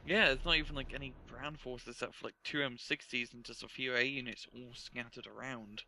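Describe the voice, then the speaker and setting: Bright-voiced man casting a game. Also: medium pitch, fairly even intonation, gravelly, a little hiss or hum, low-quality recording. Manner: casual, quick to laugh. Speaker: game caster. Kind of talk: esports commentary.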